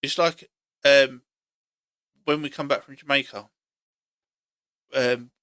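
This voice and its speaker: A man's voice: mid-range voice, fairly even intonation, slow pace, pushed and bright, smooth, no echo. A man giving a blunt, opinionated monologue for his vlog, hammering the same points over and over. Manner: blunt, argumentative, repeats points. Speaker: opinion vlogger.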